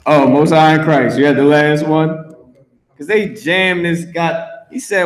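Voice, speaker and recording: A man's voice: on the high side, steady tone, a little slow. A man reading scripture aloud and commenting on it in a brash, profane, mocking way, teaching an online class. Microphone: streamed voice chat.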